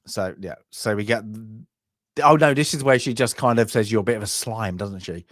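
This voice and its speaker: A man co-hosting a film review podcast in casual chat, rambling and trailing off, then breaking into loud shouted impressions. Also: lowish voice, normal speed, no room sound, clean studio sound. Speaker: podcast co-host.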